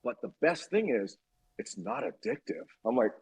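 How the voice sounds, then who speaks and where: A man's voice: medium pitch, normal speed, vocal fry, slightly rough, low-quality recording. A man in his fifties telling a story as a podcast guest, acting out the dialogue with lots of swearing. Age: 50s. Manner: animated, acts out quoted dialogue, frequent swearing. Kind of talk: storytelling interview chat.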